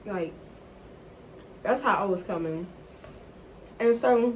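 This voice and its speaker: A woman's voice: fairly high pitch, unhurried, long pauses, a little hiss or hum, low-quality recording. Young woman telling a profane storytime. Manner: animated, profane, chatty with lots of "like". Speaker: vlogger. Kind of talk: casual storytime.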